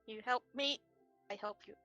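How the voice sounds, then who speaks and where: A woman's voice: fairly high pitch, moderate pace, sharp tone, faint music behind. A woman voicing a small, loyal girl who eagerly offers to help her friend, speaking in short, earnest lines.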